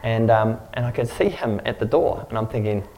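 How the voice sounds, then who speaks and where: A man's voice: on the low side, a little fast, darkish tone, faint music behind, poor audio. A man giving a sermon as a pastor, telling a story in a rambling, conversational, self-mocking way. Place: church.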